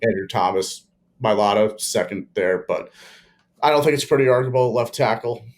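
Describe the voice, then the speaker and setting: A young man co-hosting a casual sports chat, measured and opinionated with many fillers. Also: mid-range voice. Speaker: podcast co-host.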